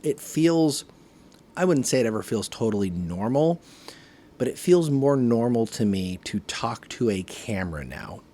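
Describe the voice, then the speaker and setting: A man hosting his podcast, talking casually to camera in one take, with lively emphasis and a habit of saying "right", recorded on a phone camera. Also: medium pitch, unhurried. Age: adult, working a full-time job. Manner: conversational, varied emphasis, often says "right". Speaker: podcast host.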